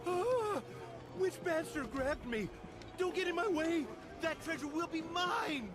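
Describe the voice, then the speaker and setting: A man voicing a greedy, frantic male ghost in a game, with grasping, shouting speech. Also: extremely high pitch, lively intonation, unhurried, over music.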